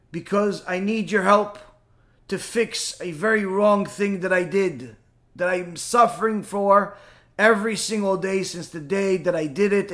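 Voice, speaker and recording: A man's voice: high-pitched, fairly bright tone. A man voicing the ghost of a dead midwife, a tormented, pleading woman confessing an old wrong, barely altering his own voice.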